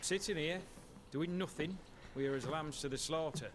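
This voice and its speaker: An actor playing a grim, battle-hardened colonial soldier who speaks in a grave, measured way, heard as game audio over ambient noise. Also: male voice, fairly high pitch, lightly acted.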